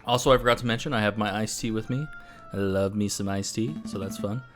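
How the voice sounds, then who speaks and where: A man running a let's play, casual and playful, tossing off chatty asides in a lowish, relaxed voice. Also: fast talker, over music. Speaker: gaming channel host.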